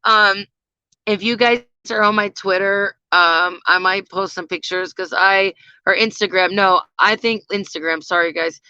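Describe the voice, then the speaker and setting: A woman's voice: mid-range voice, fairly even intonation, unhurried, bright, forceful tone, smooth, no room sound. A woman vlogger chatting casually to her viewers, gushing and full of fillers. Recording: slightly dull lo-fi sound.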